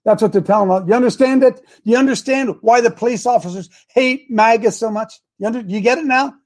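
High-voiced male show host. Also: fast, darkish tone. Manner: preacher-like, repeats for emphasis. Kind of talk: live stream talk.

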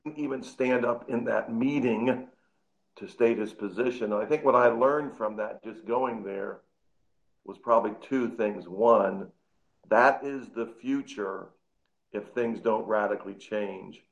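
A man earnestly recalling a past meeting and his regret, speaking haltingly and repeating himself. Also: lowish voice, gravelly, highs cut off. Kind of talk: reflective testimony.

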